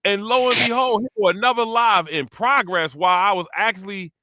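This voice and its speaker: Man, casual chat host, animated, bright higher voice, dry close sound. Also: a little fast, no echo. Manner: animated, breaks into singing demos. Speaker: podcast host and parody songwriter.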